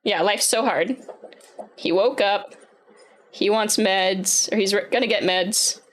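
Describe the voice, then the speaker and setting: A woman in her thirties chatting casually on a live stream as she works, often turning to coo at her dogs in a higher, sing-song voice. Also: slow, slight background noise. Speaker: livestreamer building a keyboard.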